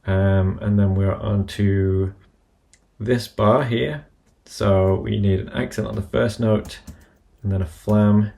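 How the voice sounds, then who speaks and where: A man with a low, gravelly voice explains each step of a software tutorial in a measured, methodical way. He works through the instructions one item at a time, in a plain instructional tone. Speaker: app tutorial presenter. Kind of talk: screen-recorded software tutorial.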